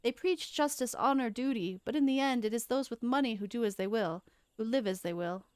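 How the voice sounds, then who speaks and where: A woman's voice: fairly high pitch, brisk, a little mellow, smooth, no echo, clean studio sound, voice pushed up, lightly acted. A woman voicing a treacherous, greedy male soldier who panics and pleads, reading game dialogue aloud on stream. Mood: defensive. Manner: panicky pleading, then gloating.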